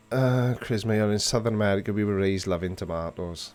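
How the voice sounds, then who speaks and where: Slow, low-voiced man chatting. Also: darkish tone. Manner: playful, reads and answers chat comments, mock disgust. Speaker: livestream host. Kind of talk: casual live chat with viewers.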